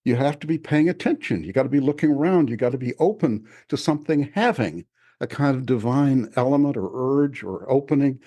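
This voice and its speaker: Man, author on a podcast, warm mellow voice, reflective, chuckles a lot, casual talk. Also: mid-range voice, a little fast. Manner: reflective, with frequent chuckles and restarts. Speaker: author discussing his spiritual experiences.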